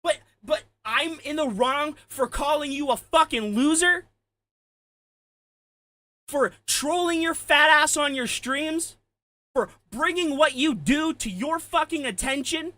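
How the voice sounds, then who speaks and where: A man delivering an angry, profane ranting commentary, heated and shouting at times. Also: extremely high pitch, slow, no room sound. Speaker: commentary streamer.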